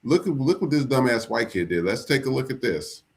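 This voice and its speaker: A man's voice: medium pitch, very animated, a little fast, creaky. A man hosting a podcast, loose and chatty as he introduces clips. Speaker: podcast host.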